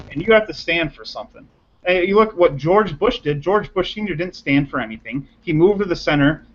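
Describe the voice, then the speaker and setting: A man's voice: a little high, dull audio, slight background noise. A man arguing his case in a political panel discussion, driving points home by repeating them. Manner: argumentative, repeats points for emphasis.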